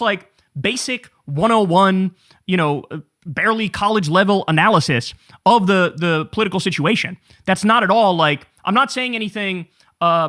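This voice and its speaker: A man in his thirties hosting a casual political commentary show, ranting with sarcasm and plenty of swearing. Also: high-pitched. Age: 30s. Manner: profane, animated, sarcastic ranting.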